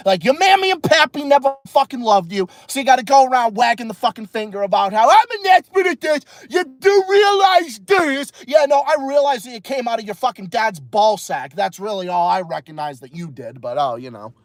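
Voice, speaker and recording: A man hosting a podcast, giving a heated, profane, rambling rant from inside his car in the dark. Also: sits high, expressive, a little fast, hardly any pauses, dry recording. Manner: heated, swearing, rambling with restarts. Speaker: podcast host. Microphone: phone livestream.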